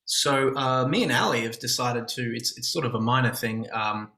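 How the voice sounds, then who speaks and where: A man co-hosts a casual podcast. He speaks in a relaxed, halting way, full of ums. His voice is bright and forceful, and it rings in a roomy space. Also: mid-range voice. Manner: relaxed, hesitant, many ums. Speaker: podcast co-host.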